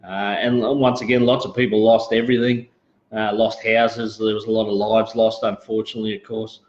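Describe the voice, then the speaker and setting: A man's voice: fairly low pitch, flat delivery, moderate pace. Australian male host, laid-back and rambling, casual live-stream chat, roomy lo-fi sound. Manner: rambling, laid-back, greets viewers, frequent fillers.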